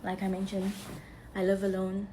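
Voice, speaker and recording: A South African woman gives an earnest, measured update in a vlog. Her voice sits at a middle pitch, with faint background noise. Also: monotone, mellow, rough recording.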